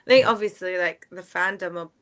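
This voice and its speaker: A woman's voice: fairly low pitch, brisk, a bit bright. A woman guest on a podcast talking about her business in a friendly, enthusiastic, casual way, often trailing off mid-sentence. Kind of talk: casual interview chat.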